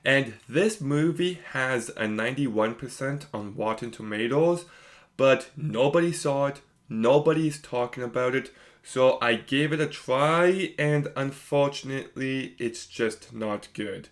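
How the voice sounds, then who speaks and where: Man, film reviewer, slow pace, candid casual talk, occasional stumbles. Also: mid-range voice. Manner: unhurried, candid, with fillers and stumbles. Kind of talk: casual spoken movie review.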